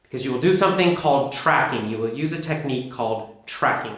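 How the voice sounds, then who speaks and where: A man teaching English pronunciation, explaining practice steps in an energetic, emphatic, repetitive coaching manner. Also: medium pitch, fast. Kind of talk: instructional explanation. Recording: very echoey room.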